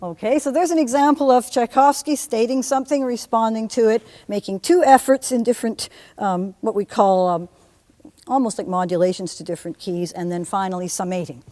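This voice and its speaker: A woman teaching a music theory lecture to a class in a lively way, often humming or singing examples. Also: a little high, brisk, big-room sound. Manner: lively, hums and sings examples. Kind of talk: university lecture.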